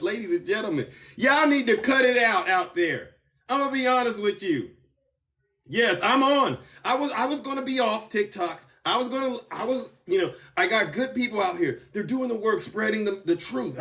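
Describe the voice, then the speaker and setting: A man hosting a casual political commentary livestream, animated and teasing, breaking into laughter and whoops. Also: high-pitched, far from the mic. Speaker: TikTok live host. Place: car.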